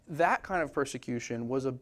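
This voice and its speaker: A man preaching a sermon as pastor, talking in a conversational, animated way with casual asides. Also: medium pitch, fairly quick. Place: church sanctuary.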